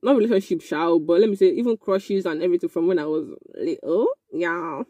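A young woman telling a casual storytime, animated and excitable, with frequent exclamations. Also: lowish voice, a little fast, creaky, no room sound. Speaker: vlogger.

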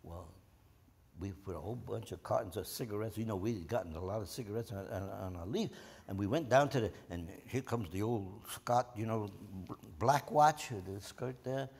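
A man in his nineties, a veteran, telling lively anecdotes to an audience and acting out the quotes. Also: fairly low pitch, normal speed, creaky, slightly rough. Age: 90s. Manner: animated, with many restarts and acted-out quotes. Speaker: World War II veteran guest. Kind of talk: storytelling anecdotes to a live audience. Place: museum event hall. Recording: echoey hall.

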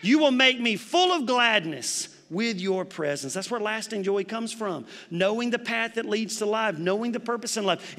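In a church sanctuary, a bright, high-pitched male pastor preaches a sermon. His delivery is emphatic yet conversational, peppered with rhetorical questions, and the broadcast audio has a long, hall-like reverb.

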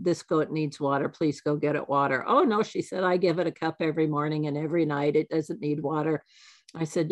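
A woman in her seventies giving a talk, telling lively anecdotes and acting out the exchanges she quotes. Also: low voice. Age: 70s. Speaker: alumni speaker. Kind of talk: storytelling talk.

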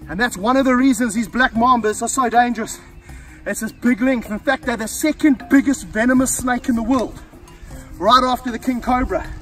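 A middle-aged man hosting an energetic outdoor wildlife demonstration, talking straight to his viewers and breaking into whoops. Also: high-pitched, far from the mic. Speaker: wildlife handler and host. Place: outdoors by snake enclosures.

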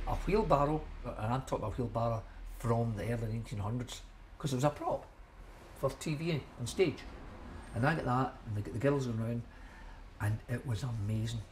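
An older Scottish man in his seventies looks back on decades of running his shop. He rambles in a friendly way, repeats phrases as he gathers his thoughts, and his voice sits at an ordinary middle pitch. Faint ambient noise hums behind him. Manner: chatty, rambling, repeats himself, chuckles at memories. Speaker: shellfish shop owner. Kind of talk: reminiscing in a documentary interview.

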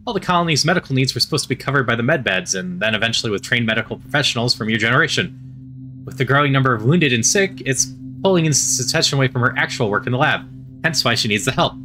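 A man reading a visual novel aloud as narrator, steady and gentle, with casual asides of his own. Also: medium pitch, quick pace. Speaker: narrator and player. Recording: faint music behind the voice.

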